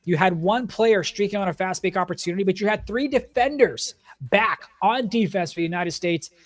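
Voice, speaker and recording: A man commentating an esports basketball match, breaking down stats and plays in a steady, analytical way. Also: high-pitched, a little fast. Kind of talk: sports commentary.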